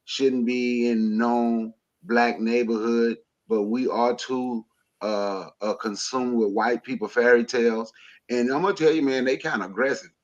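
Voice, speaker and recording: A man tells a lively story over a call-in stream, laughing through it. His voice is mid-pitched and comes through a slightly dull, lo-fi line. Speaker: caller.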